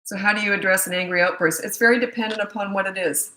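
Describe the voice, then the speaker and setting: Brief: middle-aged woman parenting coach, lively chatty Q&A, voices the kids she quotes, roomy echo. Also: mid-range voice, fast talker. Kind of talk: casual live Q&A talk. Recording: echoey room.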